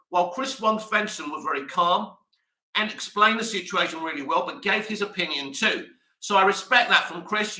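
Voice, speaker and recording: A man's voice: high voice, sharp tone, reverberant, recorded from a distance. A man hosting a live movie news stream, talking passionately and rambling straight to his viewers. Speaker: movie news channel host.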